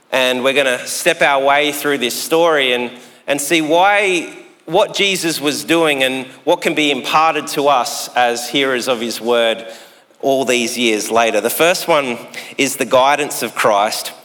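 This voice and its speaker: A man, preaching a sermon in a relaxed, joking way with long pauses. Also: mid-range voice. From Australia. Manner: conversational and jokey, with long pauses. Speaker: pastor. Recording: echoey hall sound.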